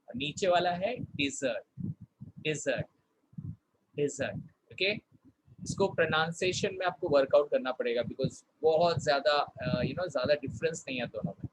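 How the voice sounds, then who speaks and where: Teacher guy, kinda high voice, repeats words a lot for pronunciation, mixes in hindi. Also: animated, rapid-fire, fairly bright tone, poor audio. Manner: drills pronunciation, switches between English and Hindi. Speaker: spoken English teacher. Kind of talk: online vocabulary class.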